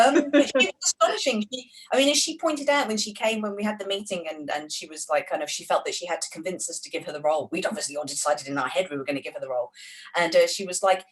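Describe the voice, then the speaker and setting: Lively English woman on a video call. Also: on the low side, quick pace, rough recording. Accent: English, Wolverhampton edges softened by London. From England. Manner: energetic, swearing, comic asides. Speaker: author and screenwriter. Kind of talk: animated interview answers.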